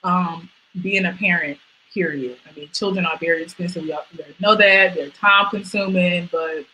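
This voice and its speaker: A young woman with a lilt performs her comedy set from home over a stream. Her voice is bright and forward. She leaps into high squeals, then drops to quiet mutters, with a faint hum of room noise behind her. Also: a little fast, poor audio. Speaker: stand-up comedian.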